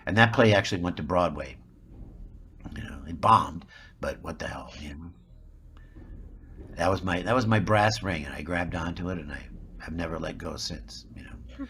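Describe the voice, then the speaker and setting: A man's voice: low-pitched, normal speed, pauses often, slight background noise. A man in his seventies, a guest actor, telling a long rambling anecdote and acting out the people in it. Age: 70s. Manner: rambling, animated storyteller who acts out the people he quotes. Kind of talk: anecdotal storytelling.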